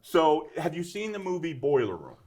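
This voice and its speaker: A man's voice: fairly high pitch, moderate pace. Man in his 50s, chatty storyteller. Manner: animated storyteller, many "right?" asides. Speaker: guest entrepreneur. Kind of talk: storytelling in a conversational interview.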